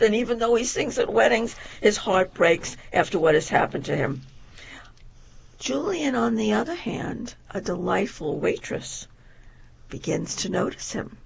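Very gravelly, husky-voiced show host. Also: mid-range voice, muffled recording. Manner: meandering, enthusiastic, stacks adjectives. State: voice wavering up and down. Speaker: show host reviewing a theater production. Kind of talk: chatty theater review.

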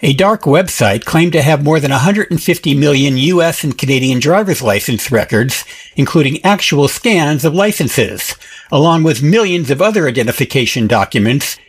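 A man's voice: a little high, expressive, normal speed, breathy edge. A man hosting a short radio tech report in a scripted news delivery.

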